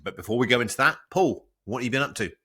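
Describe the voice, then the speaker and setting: Teasing male podcast host, lively bright voice. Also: medium pitch, breathy edge. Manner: playful and teasing, quick questions. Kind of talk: casual chat.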